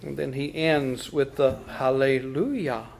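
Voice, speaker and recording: A man with an East Texas Southern accent preaching a sermon as pastor, swinging from loud declarations to hushed tones and leading the congregation in call and response. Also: medium pitch, steady tone, unhurried, gravelly, a little hiss or hum.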